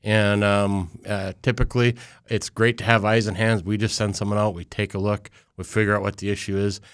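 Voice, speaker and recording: A man's voice: on the low side, flat delivery, a little fast, clean tone, dry recording, clean studio sound. A man who is a vice president at an IT company, a guest on a radio show, talking affably and poking fun at himself. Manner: affable, self-deprecating, with frequent restarts. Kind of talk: casual radio interview.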